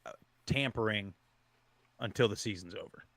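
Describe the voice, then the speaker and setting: A man's voice: fairly low pitch, normal speed, fairly bright tone, no room sound. A man co-hosting a sports podcast, talking in a rambling casual way with many restarts. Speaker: podcast co-host. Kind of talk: casual chat.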